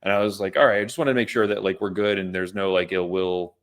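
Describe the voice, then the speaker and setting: A man's voice: deep voice, steady tone, fast talker, fairly bright tone. A man co-hosting a podcast, telling a story in casual chat with many restarts and fillers. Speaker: podcast co-host.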